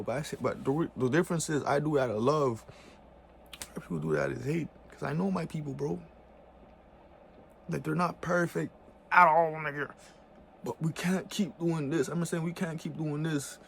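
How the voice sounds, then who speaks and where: A man's voice: fairly high pitch, steady tone, moderate pace, gravelly, pauses often, a bit bright, slight background noise. A man in a heated, casual vlog rant, full of profane slang and repeated fillers. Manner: heated, profane slang, repeats "bro" and "you know what I'm saying". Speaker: vlogger.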